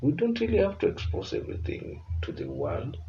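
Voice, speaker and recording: A man from Africa hosting a reaction video, giving earnest, measured commentary and thinking aloud as he goes. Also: fairly high pitch, huge pitch swings, warm tone, highs cut off.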